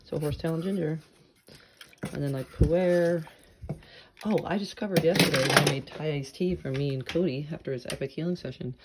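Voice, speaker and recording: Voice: mid-range voice, quick pace, few pauses. A vlogger chatting casually to camera in a home kitchen, playful and rambling, full of quirky wordplay. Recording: loud background noise.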